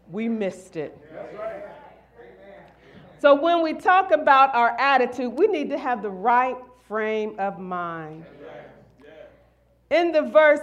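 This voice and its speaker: A middle-aged woman preaching a sermon in a high voice, taking her time with each phrase. She calls to the congregation and climbs into shouted refrains. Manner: call-and-response, rising to shouts.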